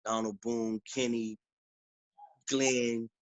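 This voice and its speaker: A man, an author and preacher, talking casually in an interview, with relaxed slang and frequent "you know what I'm saying". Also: medium pitch, extremely slow, no echo, lo-fi sound.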